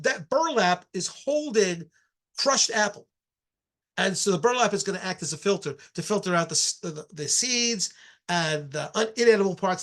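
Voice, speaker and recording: A man's voice: high-pitched, fairly bright tone. A middle-aged man, an archaeologist, giving a public lecture with slides in a conversational way, with frequent restarts and asides.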